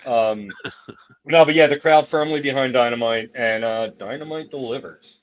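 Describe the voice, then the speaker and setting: A man's voice: medium pitch, moderate pace, highs cut off. A man co-hosting a wrestling talk show in casual chat, often hesitant and restarting. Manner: hesitant, many fillers and restarts. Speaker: wrestling podcast co-host.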